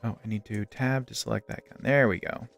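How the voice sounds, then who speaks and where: A man's voice: fairly low pitch, fairly even intonation, brisk, gravelly, soft background music. A young man streaming a game, chatting and joking while telling stories. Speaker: gaming streamer. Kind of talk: casual chat while playing a game.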